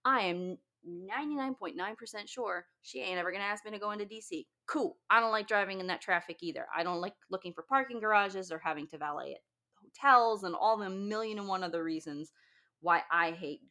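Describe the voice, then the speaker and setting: A woman's voice: medium pitch, brisk, sharp tone. A woman who owns a wedding business, giving blunt, profane advice in a casual talk.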